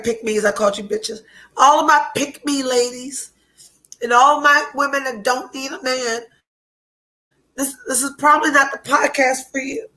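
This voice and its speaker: High-voiced woman, blunt and stuffy-nosed. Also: sharp tone, low-quality recording. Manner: blunt, profane, emotionally open. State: stuffy nose from a cold. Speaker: podcast host. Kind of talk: candid podcast monologue.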